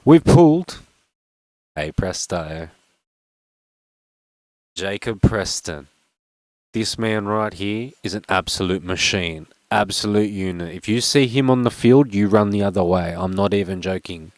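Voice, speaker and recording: Young aussie bloke rambling n joking while opening cards, dry close sound. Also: male voice, lowish voice, steady tone, normal speed, no room sound. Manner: rambling, joking, self-mocking. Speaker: card-opening vlogger. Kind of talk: casual unboxing chat.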